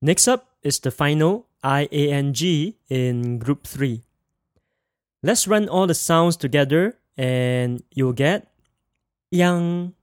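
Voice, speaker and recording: A man teaching a pronunciation lesson, modelling each sound slowly and carefully and asking the listener to repeat it. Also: on the high side, expressive, no room sound, studio quality. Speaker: language teacher.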